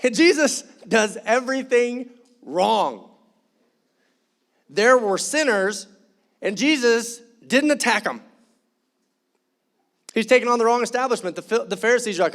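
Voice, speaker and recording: A man's voice: high voice, animated, moderate pace, pauses often, fairly bright tone. A man preaching in church, conversational and joking, acting out quoted voices. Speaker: pastor. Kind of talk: sermon.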